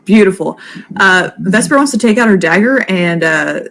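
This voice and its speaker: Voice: mid-range voice, animated, moderate pace, vocal fry, background noise. A chatty, giggly player in a tabletop game who asks questions and plans moves. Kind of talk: casual tabletop play.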